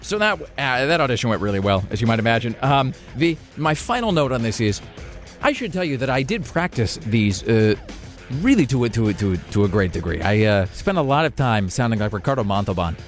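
A man's voice: mid-range voice, sing-song, a little fast, soft background music. Rambling, self-mocking male radio host. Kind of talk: casual storytelling chat.

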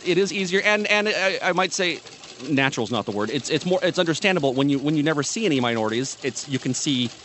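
A man's voice: on the high side, expressive, quick pace, a bit bright, slight background noise. A man filling in as guest on a radio talk show, speaking casually with many hesitations and fillers. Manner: hesitant, filler-heavy, agreeable. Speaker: guest co-host.

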